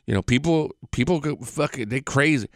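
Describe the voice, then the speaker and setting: Sarcastic male host, mid-pitched, gleeful and mocking, dead-dry recording. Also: brisk, no room sound. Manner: profane, rambling with restarts. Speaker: political commentary host. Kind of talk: opinionated monologue.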